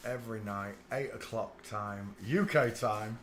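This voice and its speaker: A man's voice: fairly low pitch, measured pace, fairly bright tone, a little hiss or hum. Chatty northern English man hosting a stream. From England. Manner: chatty, hums and mutters while working. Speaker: livestream host. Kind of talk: casual livestream chat.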